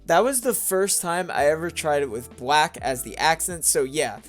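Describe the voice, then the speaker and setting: A man's voice: expressive, normal speed, fairly bright tone. Upbeat young man with faint music. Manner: enthusiastic, bouncy pitch jumps. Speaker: gaming channel host. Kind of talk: casual game commentary voice-over.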